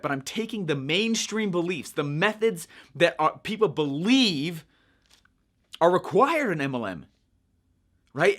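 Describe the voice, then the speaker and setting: A young man coaching viewers in a chatty, energetic way, checking in with "right?" as he explains. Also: high-pitched. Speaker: online marketing coach. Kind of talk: casual teaching monologue.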